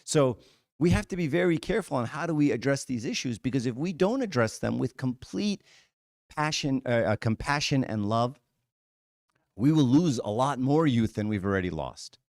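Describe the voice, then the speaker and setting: A man's voice: mid-range voice, lively intonation, moderate pace, darkish tone, no echo, studio quality. A man giving a conversational talk at church, frank and casual, often checking in with "right?" and "okay?". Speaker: church speaker.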